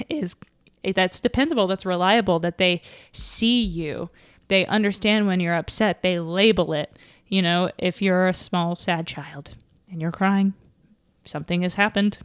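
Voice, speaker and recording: A young woman hosts a casual solo podcast, speaking in a lowish, smooth voice with studio-quality sound and no room echo. She chats and thinks aloud, using fillers and restarting sentences, and she's a little out of breath.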